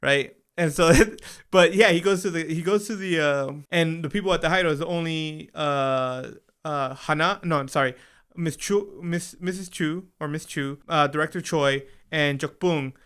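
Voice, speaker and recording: A man co-hosting a casual show recap, retelling scenes in an animated way and acting out characters' lines. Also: fairly high pitch, normal speed, smooth. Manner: animated, acts out scenes in quoted voices. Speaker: podcast co-host. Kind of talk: casual chat.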